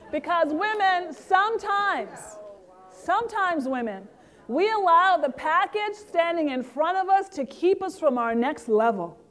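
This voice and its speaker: Middle-aged woman with a high voice, from the Caribbean, delivering a lively interactive keynote. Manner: lively, interactive, talks to the audience directly. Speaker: keynote speaker. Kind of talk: motivational keynote speech.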